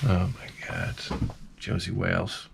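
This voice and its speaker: A man's voice: deep voice, completely flat delivery, takes it slowly, gravelly, background noise. A man rambling through a comic monologue to camera, jumping between tangents and restarting his sentences. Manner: tangent-prone rant, frequent stammered restarts. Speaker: vlogger.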